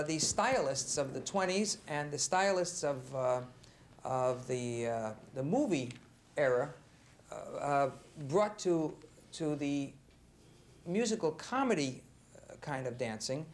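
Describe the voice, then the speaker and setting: A man interviewing a dancer in a relaxed, halting way, often pausing and restarting his sentences. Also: on the high side, a little hiss or hum. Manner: halting, many fillers and restarts. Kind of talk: casual interview.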